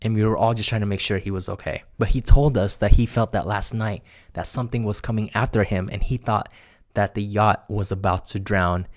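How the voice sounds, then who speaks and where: A young man casually telling a true spooky story to his viewers, animated and laughing as he acts out what people said. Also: lowish voice. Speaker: storyteller vlogger.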